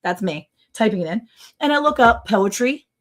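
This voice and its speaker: A middle-aged woman from Maryland hosting a livestream, telling a long, animated story and acting out other people's voices. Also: a little high, moderate pace, faint music behind. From Maryland, USA. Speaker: livestream host. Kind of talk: casual storytelling chat.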